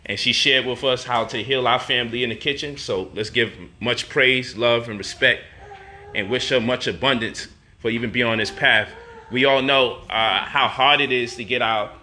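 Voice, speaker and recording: A man's voice: medium pitch, fairly even intonation, normal speed, pushed and bright, a little hiss or hum. A man hosting a casual home cooking vlog in his kitchen, playful and teasing as he coos at his baby daughter. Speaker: cooking show host.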